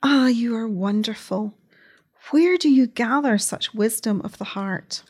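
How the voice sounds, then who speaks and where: A woman voicing a distressed, weary noblewoman who speaks low, with a moan in her voice, in a read-aloud story. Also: measured pace, husky. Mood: anguished. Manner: low and moaning.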